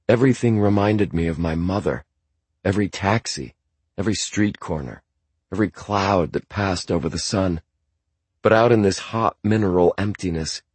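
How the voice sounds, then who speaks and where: A man narrates a novel in a measured, reflective first-person voice. His tone is deep and husky. The recording is close and completely dry. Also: a little mellow, dry recording. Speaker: audiobook narrator.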